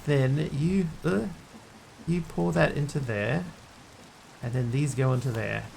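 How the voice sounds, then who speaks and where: A man's voice: medium pitch, measured pace, gravelly, a little mellow, slight background noise. A man streaming a game, chatting and joking with his chat as he plays. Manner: chatty, jokey, talks to chat while playing. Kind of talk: casual gameplay commentary.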